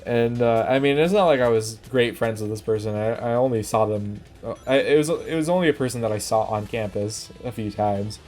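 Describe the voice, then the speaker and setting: A man's voice: fairly low pitch, fairly quick, a little mellow, soft background music. Young man rambling through a story. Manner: rambling, laughs often, stumbles and repeats words. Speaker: vlogger. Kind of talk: casual storytelling.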